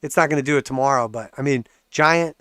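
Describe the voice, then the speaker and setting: A man's voice: mid-range voice, quick pace, a bit bright, clear, resonant tone, no room sound, studio quality. A man hosting a livestream about markets, ranting sarcastically and swearing, often laughing. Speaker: livestream host and market analyst.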